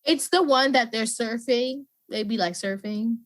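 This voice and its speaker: A chatty woman hosting a podcast interview. She talks in a relaxed, animated way and laughs easily. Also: a little high, unhurried, dry recording. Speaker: podcast host. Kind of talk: casual interview chat.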